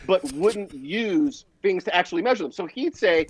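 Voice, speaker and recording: Animated man telling stories, high voice. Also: brisk, few pauses, slightly rough. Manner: animated storyteller, acts out voices. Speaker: guest drummer. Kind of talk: casual livestream interview.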